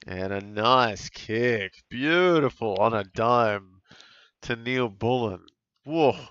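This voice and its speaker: A man casually commenting on a live football game for his stream, chatty and relaxed, with sudden bursts of excitement at big plays. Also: mid-range voice, slow pace, clean tone, dry recording, lo-fi sound. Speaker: fantasy football streamer calling a live watch-along.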